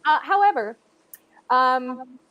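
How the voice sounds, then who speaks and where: A woman's voice: sits high, expressive, slow pace, no echo, muffled recording. A woman narrating a tabletop game as game master, loose and rambling with many fillers.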